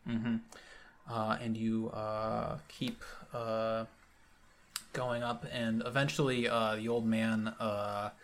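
A man's voice: on the low side, flat delivery, slow, a little hiss or hum. A man from Michigan running a tabletop game as game master, rambling with many fillers.

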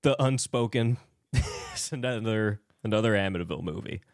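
A man's voice: lowish voice, normal speed, no echo, clean studio sound. A man co-hosting a casual movie podcast, rambling and laughing through his sentences. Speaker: podcast co-host.

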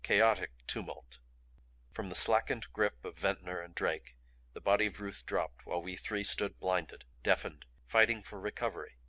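A man reading an adventure novel aloud in steady, dramatic narration. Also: deep voice, normal speed. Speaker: audiobook reader. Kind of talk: audiobook narration.

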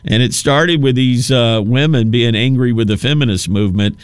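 A man's voice: medium pitch, moderate pace, clean tone, no room sound. A man in his fifties hosting a talk radio show, rambling through a casual monologue with many restarts and asides. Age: 50s.

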